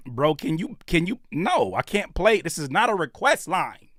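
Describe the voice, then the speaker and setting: An American man giving live reactions to viewer music, joking and blunt, swinging between shouts and low mutters. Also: wildly swooping pitch, takes it slowly, no echo, clean studio sound. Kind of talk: animated live reaction commentary.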